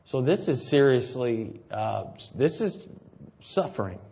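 A man delivers a sermon at a middle pitch, talking it through in a relaxed, conversational way. He keeps checking in with his listeners through rhetorical questions. The recording sounds a little dull and lo-fi. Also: slow, vocal fry, slightly rough. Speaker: preacher.

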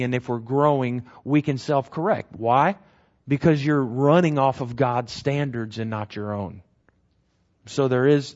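A man's voice: medium pitch, darkish tone. A man teaching the Bible verse by verse in a conversational way. He repeats key phrases and keeps asking "right?". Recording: dull lo-fi recording.

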